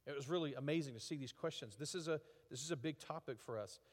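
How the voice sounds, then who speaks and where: A man preaching a conversational sermon, halting with fillers and restarts, rising to emphatic rhetorical questions. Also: fairly high pitch. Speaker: pastor. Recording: reverberant hall.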